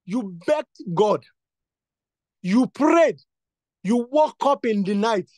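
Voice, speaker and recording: A man with a very high voice leads a prayer meeting, pressing the same phrases again and again and rising into fervent bursts. His voice sounds dry and close, with no room echo. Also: expressive, takes it slowly, a little mellow. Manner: repetitive, insistent, builds to fervent bursts. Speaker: prayer leader. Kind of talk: exhortation and spoken prayer.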